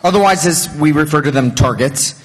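A man's voice: fairly high pitch, a little fast, in a large hall. A man on a conference panel, telling a funny story in a jokey, self-deprecating way. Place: large conference hall.

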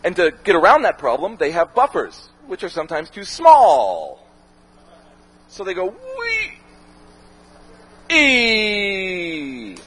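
A man, a documentary filmmaker, talking casually to an audience and answering questions, animated and profane, acting out the voices he quotes. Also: sits high, normal speed, slightly rough, rough recording. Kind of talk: casual talk with Q&A.

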